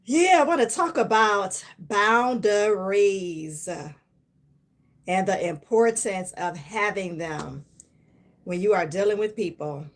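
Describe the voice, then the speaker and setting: A woman's voice: mid-range voice, slow pace. A middle-aged woman hosting a live stream, giving a casual motivational talk in a chatty, emphatic way and laughing often.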